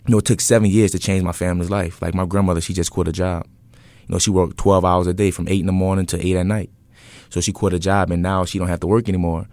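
A man's voice: sits low, quick pace, no echo. A young man, talking casually as an interview guest and telling his story with lots of fillers. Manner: relaxed, rambling storytelling with many fillers. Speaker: interview guest, event business owner.

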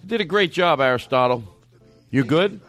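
A man's voice: on the high side, animated, moderate pace, a bit bright, soft background music. Goofy, rambling male comedy host. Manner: loose, goofy, swearing, sings nonsense syllables.

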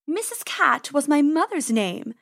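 A sly, menacing female cat, voiced by a woman reading aloud, purring every slow word. A storybook villain. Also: high-pitched, big pitch swings, vocal fry, fairly bright tone, no room sound, studio quality, voice pushed up, exaggerated voice.

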